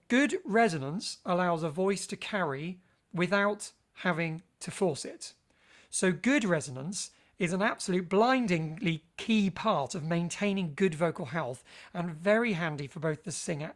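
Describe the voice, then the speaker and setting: A man's voice: high-pitched, fairly bright tone. A man leading a vocal health workshop for teachers, chatty and playful with theatrical asides.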